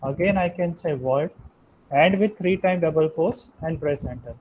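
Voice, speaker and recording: A man's voice: on the high side, moderate pace, narrow, tinny audio, a little hiss or hum. A young man giving a live online programming lesson, explaining step by step and ending many sentences with "right?". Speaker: programming instructor.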